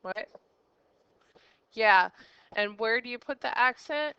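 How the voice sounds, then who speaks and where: A woman's voice: a little high, slow, sharp tone, smooth, no room sound, muffled recording. A woman as a teacher giving a recorded grammar lesson, explaining step by step and quizzing the listener with questions. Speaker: Spanish teacher.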